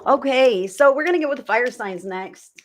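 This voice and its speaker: A woman's voice: on the high side, animated, moderate pace. Chatty woman giving a live tarot reading. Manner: chatty, swearing, talks to viewers by name. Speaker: tarot reader hosting a live stream. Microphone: desk mic, turns away from it at times.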